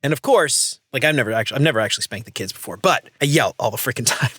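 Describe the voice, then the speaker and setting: A man's voice: medium pitch, lively intonation, very fast, bright, forceful tone, husky, no room sound, studio quality. A man in his thirties hosting a podcast in casual, joking chat, laughing often. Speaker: podcast host.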